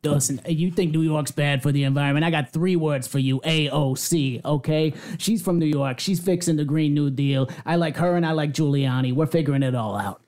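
A man's voice: a little high, a little fast, hardly any pauses, darkish tone. Mocking man trash-talking in a debate. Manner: mocking, dismissive trash talk. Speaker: debater for New York. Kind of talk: improvised comedy debate.

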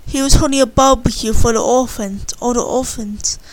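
A woman's voice: on the high side, fairly even intonation, normal speed, rough recording. A woman casually retelling a story in simple, earnest words.

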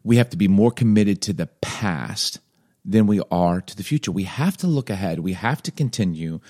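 A man's voice: on the low side, animated, normal speed, warm tone. A man co-hosting a casual chat, telling stories loosely and leaning on filler words. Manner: loose, rambling storyteller, heavy on "like". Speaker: podcast co-host, father.

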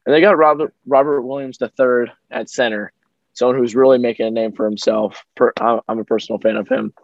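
A man's voice: medium pitch, steady tone, vocal fry, no room sound, dull audio. Upbeat man co-hosting sports chat. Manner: upbeat, joking, quick asides. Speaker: podcast co-host. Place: small home room.

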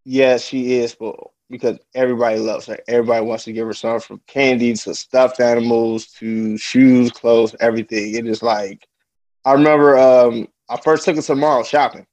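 Animated young father telling stories. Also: mid-range voice, brisk, dry recording, low-quality recording. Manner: animated storyteller who acts out quotes in a raised voice; loose, laid-back, laughs often. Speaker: podcast guest, young father. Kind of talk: casual interview chat.

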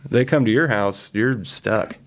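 A man's voice: on the low side, a little slow. A man co-hosting a casual podcast, dropping dry wisecracks in between laughs. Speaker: podcast co-host. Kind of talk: casual chat.

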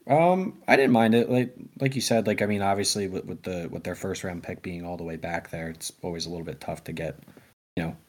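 A man's voice: deep voice, fairly quick, darkish tone. A young man co-hosting a podcast, chatting casually about football with many restarts and fillers. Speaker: podcast co-host. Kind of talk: casual sports chat.

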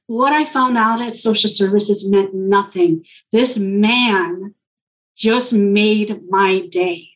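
An interview guest, a woman from Colombia, recounts a personal experience in an earnest, reflective way. Her voice sits in an ordinary middle range, and she brings in other people's words with lively reported speech. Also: medium pitch, rough recording. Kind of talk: personal storytelling in conversation.

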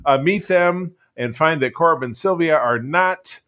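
A man's voice: on the high side, a little slow, a bit bright. A man co-hosting a casual podcast, recapping episodes in a chatty, joking way. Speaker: podcast co-host. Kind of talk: casual chat.

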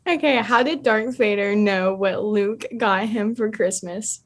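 A woman's voice: medium pitch, measured pace. A woman on a radio show telling dad jokes and giggling at them. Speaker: radio co-host. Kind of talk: casual banter on a radio show.

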